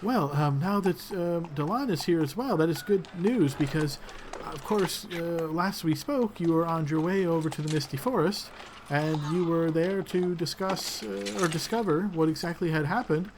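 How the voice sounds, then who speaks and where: A man voicing a weary noblewoman who is quick to anger and halts with fillers when flustered. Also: on the low side, voice pushed up, lightly acted. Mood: courteous. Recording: noisy home recording.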